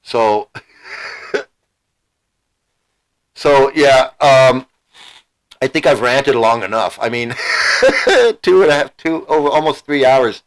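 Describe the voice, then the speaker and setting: A man's voice: medium pitch, lively intonation, slow pace, pauses often, low-quality recording. A middle-aged man hosting a livestream, ranting heatedly and emotionally, repeating himself and swearing. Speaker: channel host. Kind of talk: angry livestream rant.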